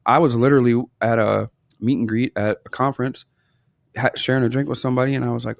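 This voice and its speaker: Man in his thirties from Wisconsin, podcast guest; gravelly, dry close sound, lively storyteller who plays out the dialogue. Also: medium pitch, fast, no room sound. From Wisconsin, USA. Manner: animated storyteller, acts out quoted dialogue. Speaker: podcast guest, asphalt business owner. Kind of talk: casual interview storytelling.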